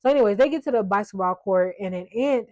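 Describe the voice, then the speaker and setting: A woman's voice: mid-range voice, fast, darkish tone, dry recording. Chatty woman doing a show recap, sarcastic and cussing, dry close sound. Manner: chatty, blunt and sarcastic, with frequent swearing. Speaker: recap vlogger. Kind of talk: casual reality-show recap.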